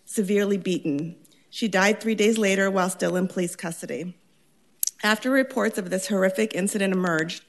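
A councilwoman reads a formal statement at a steady, measured pace. Her voice has a gravelly fry, and she sits at middle pitch. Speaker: council member. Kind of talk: reading a prepared statement.

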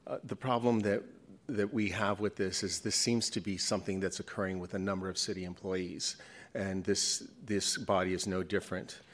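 Deep-voiced man lodging a formal complaint. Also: level tone, moderate pace. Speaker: executive director of an employee association, public commenter. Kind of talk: formal public comment at a city meeting. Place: city commission meeting hall, at a podium.

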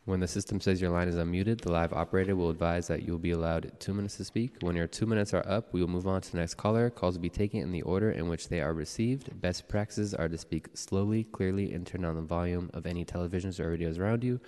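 A man serving as board clerk, calling the roll and reading announcements in a formal, measured way in a city hall chamber. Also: sits low, steady tone, darkish tone. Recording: echoey chamber with long reverb.

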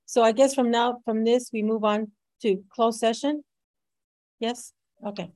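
A woman's voice: fairly high pitch, fairly even intonation, a little slow, darkish tone, dry recording, rough recording. A woman chairing a school board meeting, speaking casually and hesitantly with many fillers.

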